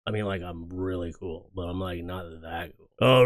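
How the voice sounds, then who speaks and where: A man's voice: low voice, steady tone, moderate pace. A man hosting a clip-reaction show, ranting in a casual, sarcastic, jokey way. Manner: sarcastic, jokey rants with exaggerated acted quotes. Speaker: YouTube reaction host. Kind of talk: casual comedic commentary on clips.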